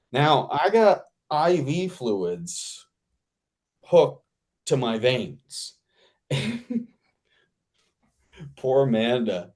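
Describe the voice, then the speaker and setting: Animated man telling a story. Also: medium pitch. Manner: animated, repetitive, laughing mid-sentence. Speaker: actor guest. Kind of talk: casual anecdote storytelling.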